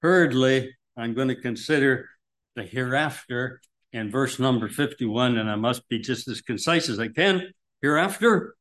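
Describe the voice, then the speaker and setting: A man preaching a sermon, rambling with asides and restarts, who rises sharply when quoting scripture and drops low and soft between quotes.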